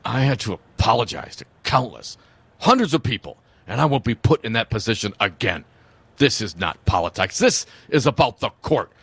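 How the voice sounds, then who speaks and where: A man's voice: on the low side, big pitch swings, moderate pace, a bit bright, slightly rough, no room sound, full character voice. A radio co-host putting on the voice of a pompous male judge in a stiff, self-important manner. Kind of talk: talk radio banter.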